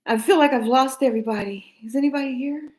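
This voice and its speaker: A woman's voice: high-pitched, quick pace, low-quality recording. Chatty woman on a livestream. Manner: chatty, rambling, laughs often, talks to viewers. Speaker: tarot reader hosting a livestream. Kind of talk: casual livestream chat.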